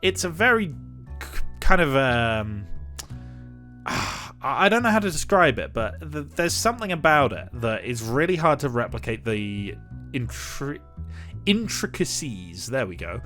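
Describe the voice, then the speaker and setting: Male game-build commentator, casual and rambling, self-deprecating with frequent chuckles, animated pitch; faint guitar bed. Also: unhurried. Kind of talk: casual commentary over gameplay.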